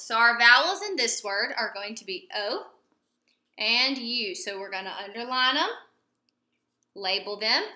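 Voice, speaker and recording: Slow, bright-voiced woman teacher. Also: a little high. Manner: patient, prompting and praising pupils with pauses. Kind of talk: recorded phonics lesson for young students. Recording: roomy echo.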